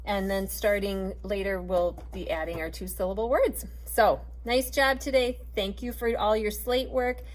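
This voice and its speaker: A woman's voice: medium pitch, fairly even intonation, normal speed, few pauses. A woman teaching a children's phonics lesson, patiently spelling out letters and sounding out words with plenty of encouragement.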